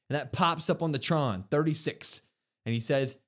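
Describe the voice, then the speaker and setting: Chatty man recapping wrestling, fairly high voice. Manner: lively play-by-play retelling, quick and chatty. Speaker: podcast co-host. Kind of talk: casual wrestling recap on a live stream.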